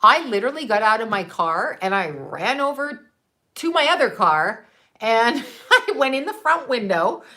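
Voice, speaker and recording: Middle-aged woman telling stories, swears a lot, laughs between words, kinda high, sharp bright tone. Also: moderate pace. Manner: swears freely, laughs often mid-sentence; brash and animated. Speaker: mother and channel host. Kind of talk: casual storytelling.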